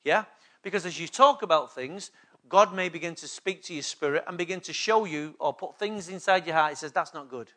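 A pastor preaches a sermon to his own congregation in a high, bright voice at a fairly quick pace. He's emphatic, hammering points home through repetition and repeatedly asking the room for agreement in call-and-response questions.

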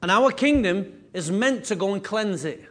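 A man preaching a sermon with emphatic, repetitive phrasing, his voice rising and falling in loudness. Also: high voice, lively intonation, moderate pace. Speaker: pastor.

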